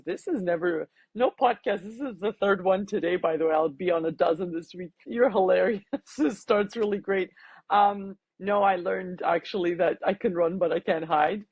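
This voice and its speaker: A woman with a slight accent talks as a podcast guest, upbeat and animated. Her voice is soft and breathy, mid-pitched. The sound is dry and close. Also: dry recording, lo-fi sound. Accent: foreign accent. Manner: bubbly, laughs often, animated. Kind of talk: casual interview chat.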